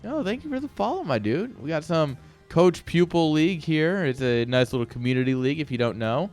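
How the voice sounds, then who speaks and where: A man's voice: fairly high pitch, sing-song, brisk, darkish tone, soft background music. A man casually commentating a live video game match, ranting and joking while chatting with viewers. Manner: rambling, ranting, jokey, chats with viewers. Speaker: esports caster and streamer.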